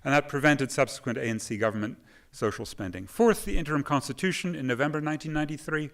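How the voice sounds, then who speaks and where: A man's voice: on the high side, quick pace, gravelly, a bit bright. A man speaking on a conference panel into a microphone, emphatic and quoting sources at length. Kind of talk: conference talk. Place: conference hall. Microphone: microphone at a podium.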